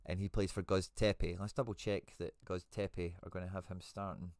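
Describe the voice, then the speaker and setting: A man's voice: low voice, little pitch movement, normal speed, a little mellow, dry recording, studio quality. A man hosting a live stream, chatting casually and thinking aloud as he answers viewer comments. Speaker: host.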